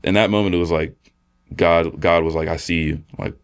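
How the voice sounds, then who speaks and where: A man, a podcast guest, sharing a personal testimony in a halting, soft-spoken way with many fillers and restarts. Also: sits low, fairly even intonation, clear, resonant tone. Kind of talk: personal testimony in casual conversation.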